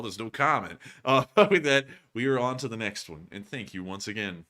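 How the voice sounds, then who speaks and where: A man's voice: lowish voice, expressive, moderate pace, few pauses, pushed and bright. A man hosting a casual livestream, thanking donors in a rambling, chatty way and laughing often. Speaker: livestream host. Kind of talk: casual livestream chat reading donations.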